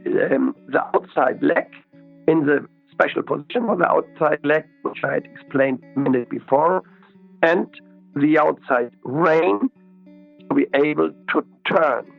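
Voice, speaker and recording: A man, a riding expert being interviewed, explaining slowly and methodically and repeating his key words. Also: a little high, gravelly, phone-quality sound, faint music behind.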